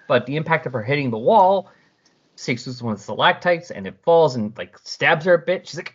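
A man casually recapping a comic story with jokey, animated storytelling. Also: a little high, brisk, husky. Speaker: podcast host. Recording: dull lo-fi recording.

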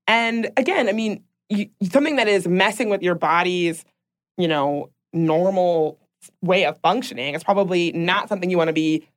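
A woman co-hosting a podcast in casual chat, reading out facts and growing emphatic and indignant. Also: lowish voice. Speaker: podcast co-host.

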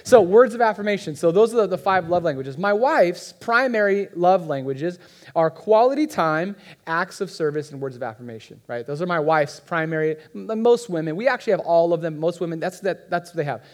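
A man's voice: a little high, animated, fast, few pauses, a little mellow. A man in his thirties giving a guest sermon in a church, talking conversationally and joking with the congregation. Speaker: guest pastor.

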